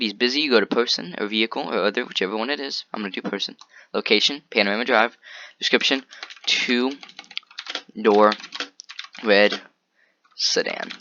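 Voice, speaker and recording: A young man recording a casual software tutorial, talking offhand and rambling, with frequent interjections. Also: lowish voice, no echo, highs cut off. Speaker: tutorial maker.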